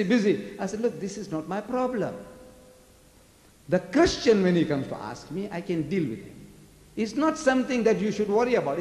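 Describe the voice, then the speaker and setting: An older man from South Africa lectures a large audience, pressing them with rhetorical questions. His voice sits fairly high but sounds mellow and dark. The sound is roomy, with a long hall reverb. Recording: echoey hall.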